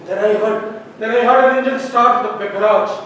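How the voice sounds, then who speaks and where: A man's voice: steady tone, fairly bright tone. A man playing an anguished, stammering father. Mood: frantic. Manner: halting, stammering, repeating words. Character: anguished father telling of a night with his daughter. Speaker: stage actor in rehearsal. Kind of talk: stage drama rehearsal. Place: rehearsal room. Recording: echoey room, distant mic, hiss and rumble.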